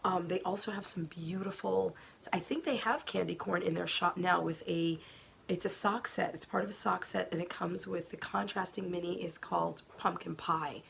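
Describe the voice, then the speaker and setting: A middle-aged woman hosting a knitting podcast, chatting casually and gushing over her yarns with fillers and soft asides. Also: lowish voice, normal speed, vocal fry, a little hiss or hum. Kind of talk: casual show-and-tell chat.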